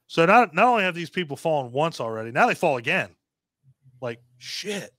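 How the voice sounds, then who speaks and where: A man's voice: fairly high pitch, animated, normal speed, fairly bright tone, no echo. A man co-hosting a podcast, rambling profanely through a movie review and acting out characters' lines. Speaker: podcast co-host. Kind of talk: casual movie review chat.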